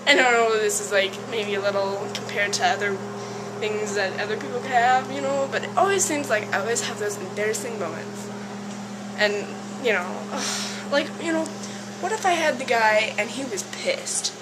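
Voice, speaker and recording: Speaking at a moderate pace with a voice that's a little high, a young woman chats to camera at home against a noisy background. Her vlog is a laughing rant about an embarrassing day.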